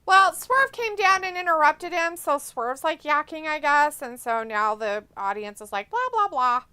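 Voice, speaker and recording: A woman's voice: high-pitched, expressive, moderate pace, sharp tone, no echo. A woman hosting a casual live watch-along stream, reading chat aloud, blunt and profane, chatting to her cat between remarks.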